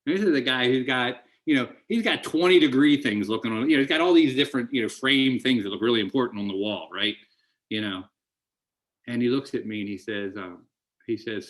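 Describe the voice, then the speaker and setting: A man's voice: mid-range voice, lively intonation, brisk, a bit bright. A middle-aged man speaking at a recovery meeting, telling his story in an earnest, emotional way with many restarts. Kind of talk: recovery talk.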